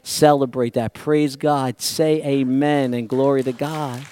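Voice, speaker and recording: A man preaching a sermon to a congregation, moving between hushed, slow passages and fervent, rising exhortation, with folksy asides to his listeners. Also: mid-range voice, fairly even intonation, no echo. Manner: shifts from hushed intimacy to impassioned, rising exhortation. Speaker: pastor. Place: church sanctuary.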